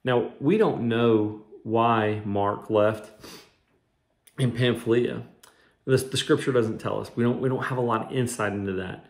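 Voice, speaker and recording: A man's voice: mid-range voice, fairly even intonation, unhurried. A man who is a minister, giving a short devotional sermon in an earnest, conversational way and weaving in scripture quotes. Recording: roomy echo.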